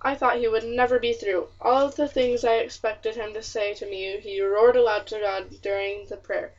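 Brief: woman narrator, first-person historical novel, fairly high voice, dull lo-fi sound. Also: normal speed. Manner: expressive, old-fashioned storytelling. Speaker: audiobook narrator.

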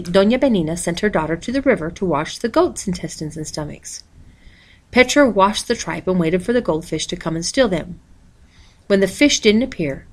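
A woman reading a picture book aloud in a steady, expressive storytelling voice. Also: fairly low pitch. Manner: steady, expressive, reads page numbers aloud. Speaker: storybook reader.

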